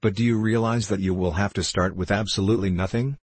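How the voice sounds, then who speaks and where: A man voicing a frail, dying mother who speaks low and weakly, in a storybook reading. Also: fairly even intonation, fast talker, husky, no echo. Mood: weak, anxious. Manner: low, weak voice.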